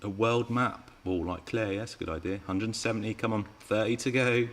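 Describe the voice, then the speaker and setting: A man's voice: fairly low pitch, fairly quick, fairly bright tone. Chatty man hosting a live stream. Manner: chatty and playful, teasing viewers. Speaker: RC car channel host. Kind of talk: live-stream Q&A, reading viewer comments.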